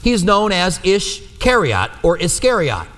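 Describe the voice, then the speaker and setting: A man's voice: high-pitched, sing-song, unhurried, a bit bright. A male pastor preaching a conversational sermon in a church, often asking his listeners for agreement. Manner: conversational, asks the room for agreement. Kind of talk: sermon teaching. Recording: long hall reverb.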